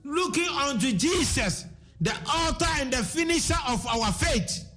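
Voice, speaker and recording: A man's voice: very high-pitched, expressive, unhurried, sharp tone. A man with a Ghanaian accent preaching a sermon, switching between English and Twi, repeating his words and sometimes singing his phrases.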